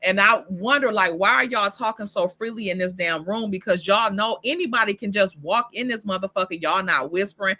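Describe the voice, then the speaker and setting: Bright-voiced woman recapping soaps bluntly. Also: medium pitch, fairly quick, few pauses, dry recording. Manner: profane, blunt commentary; retells scenes by quoting the characters. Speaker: soap opera recap vlogger. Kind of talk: casual episode recap.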